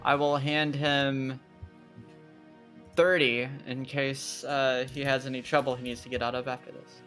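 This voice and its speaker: A man's voice: medium pitch, level tone, a little slow, a bit bright, soft background music. A man playing in a tabletop game, casual and hesitant. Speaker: player. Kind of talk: tabletop role-play.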